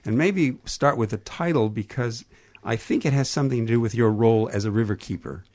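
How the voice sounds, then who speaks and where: A man's voice: mid-range voice, darkish tone, no room sound. A man with a Canadian accent, hosting a radio interview from a studio, who often stumbles and restarts. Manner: halting, stumbles over names. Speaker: radio host.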